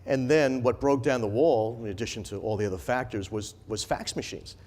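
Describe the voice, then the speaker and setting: A man interviewing a guest on a conference stage, asking long rambling questions and often agreeing out loud. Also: mid-range voice, brisk, big-room sound. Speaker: interviewer, head of the organization.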